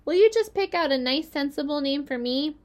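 A woman's voice: sits high, lively intonation, fairly quick, darkish tone, pitched above the performer's own voice. Tiny cheerful spider girl, put on by a woman. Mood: chirpy. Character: tiny young female spider, polite and cheerful.

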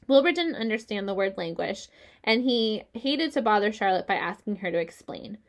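A woman narrating a children's novel aloud in a calm, even reading voice. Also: mid-range voice, normal speed. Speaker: audiobook narrator. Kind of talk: scripted storybook narration.

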